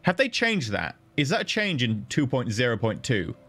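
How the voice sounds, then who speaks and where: A man streaming a strategy game, chatting casually and playfully with his viewers, thanking them and joking as he plays. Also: normal speed. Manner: chatty, playful, thanks viewers, bursts into high excited pitch. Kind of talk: casual livestream commentary.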